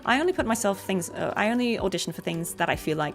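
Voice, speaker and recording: Gravelly woman giving earnest advice. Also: fairly low pitch, lively intonation, fairly quick, a bit bright, soft background music. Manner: earnest, advice-giving, frequent ums and small laughs. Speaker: voice actor and streamer. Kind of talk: casual chat while gaming.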